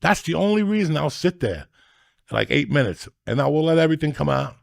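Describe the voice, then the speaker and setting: A middle-aged man telling comic stories as a podcast guest, loud, ranting and foul-mouthed. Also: on the high side, sing-song, fairly quick, gravelly, no room sound, studio quality. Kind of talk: profane comic storytelling.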